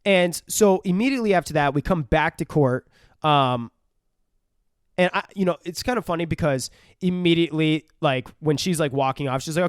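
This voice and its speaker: A man's voice: a little high, fairly quick, no echo, clean studio sound. A man co-hosting a podcast, casually and profanely retelling movie scenes in a film review chat. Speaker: podcast co-host.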